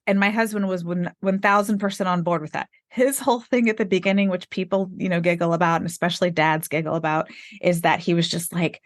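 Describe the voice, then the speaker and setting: A woman's voice: fairly low pitch, quick pace, no room sound, studio quality. A woman in her forties, a podcast guest, telling her story candidly and acting out the lines she quotes with animation. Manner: animated, acts out quoted dialogue.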